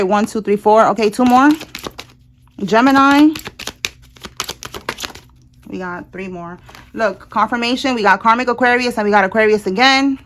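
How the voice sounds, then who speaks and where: A woman giving a casual tarot reading, blunt and chatty, with cursing and laughter. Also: medium pitch. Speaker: tarot reader.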